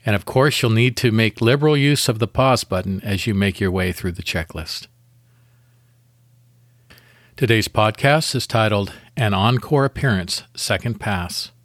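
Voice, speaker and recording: A man hosting a devotional podcast, leading a guided meditation and prayer in a calm, measured, deliberate way. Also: lowish voice, dry recording, clean studio sound.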